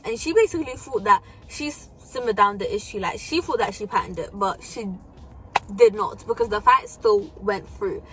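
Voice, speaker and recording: A woman's voice: mid-range voice, normal speed, a bit bright. A young woman telling a storytime vlog in casual, slangy talk with frequent swearing and fillers. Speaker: vlogger.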